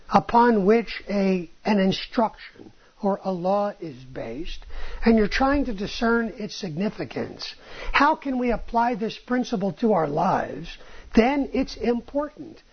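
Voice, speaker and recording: A woman's voice: medium pitch, husky. A woman teaching a class on rabbinic texts, often checking in with "right?" and "okay?" and asking rhetorical questions. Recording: dull lo-fi recording.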